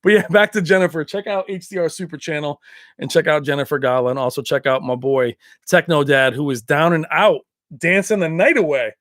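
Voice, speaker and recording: A man with a fairly high voice chats casually on his livestream, rambling and laughing often. The sound is dry and close. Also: brisk, a bit bright, no echo. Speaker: livestream host.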